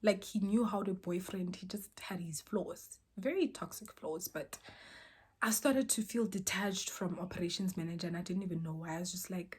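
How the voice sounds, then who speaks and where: Breathy young woman telling a story. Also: lowish voice, moderate pace. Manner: animated, swings between soft near-whispers and loud exclaimed quotes. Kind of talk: casual storytime.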